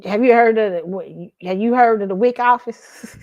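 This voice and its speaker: Blunt, animated woman ranting on her show. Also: a little high, normal speed, dull audio. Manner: blunt, animated, swears, laughs often. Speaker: show host. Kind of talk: casual commentary monologue.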